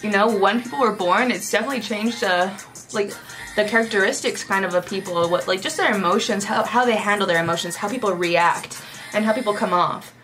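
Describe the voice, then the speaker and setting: A woman's voice: medium pitch, brisk, fairly bright tone, soft background music. A young woman vlogger chatting casually while doing her makeup, rambling and reflective, with lots of filler words. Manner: rambling, reflective, heavy use of "like".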